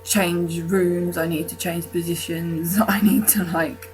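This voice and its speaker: A woman's voice: lowish voice, little pitch movement, slow, poor audio. Rambling young woman vlogger over music. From United Kingdom. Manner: rambling, many fillers and restarts, self-mocking humor. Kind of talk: casual talk to camera.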